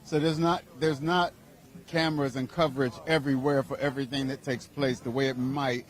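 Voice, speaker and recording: A man from Cincinnati, Ohio, a music producer, being interviewed outdoors at an event and speaking in an animated, emphatic way. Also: medium pitch, fairly quick. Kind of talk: casual interview.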